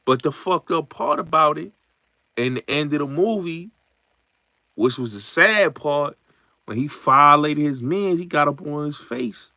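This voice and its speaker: A man, hosting a show, chatting casually and acting out movie lines in slangy, animated talk. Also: fairly high pitch, measured pace, no room sound. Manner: slangy, repeats yo and son. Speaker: show host.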